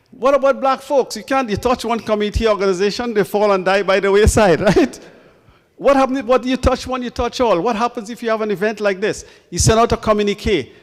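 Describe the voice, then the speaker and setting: Emphatic man speaking in a reverberant hall. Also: high-pitched. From Canada. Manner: emphatic, rhetorical questions, lively preacher-like delivery. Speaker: guest speaker. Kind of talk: presentation at a community meeting. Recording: long reverb of a meeting hall.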